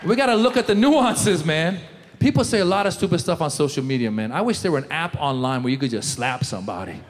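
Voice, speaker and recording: High-voiced comedian in a reverberant hall. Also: male voice, fast talker, a faint crowd. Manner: animated, switches into loud shouted character voices. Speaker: stand-up comedian. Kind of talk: stand-up comedy set. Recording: reverberant hall, faint room noise.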